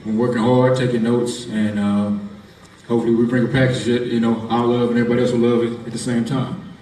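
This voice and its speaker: A male bodybuilding competitor answering press questions in a humble, relaxed way. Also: medium pitch, quick pace, a little hiss or hum. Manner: humble, relaxed, hesitant with fillers. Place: press conference hall. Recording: echoey room, distant mic.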